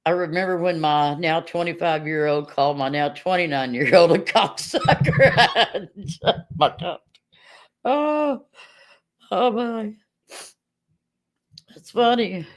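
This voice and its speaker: A woman's voice: on the low side, takes it slowly, pauses often. A woman, chatting casually on a livestream, rambling and laughing often. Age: 50s. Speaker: livestream host.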